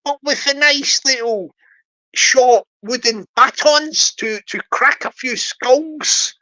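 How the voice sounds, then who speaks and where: Bright-voiced woman hosting a rambling live stream. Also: high-pitched, slow pace, poor audio. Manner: repetitive, chatty, addresses the chat directly.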